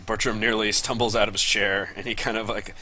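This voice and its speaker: A man's voice: on the low side, level tone, fairly quick, pushed and bright. A man narrating a tabletop game as game master, chuckling through his descriptions.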